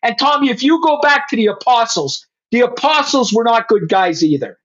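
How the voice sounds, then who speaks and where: A man's voice: extremely high pitch, animated, moderate pace, a bit bright. Blunt, profane middle-aged man testifying. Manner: blunt, profane, addresses the host directly. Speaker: former police chief telling his faith story. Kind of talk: emotional personal testimony. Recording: slightly muffled lo-fi sound.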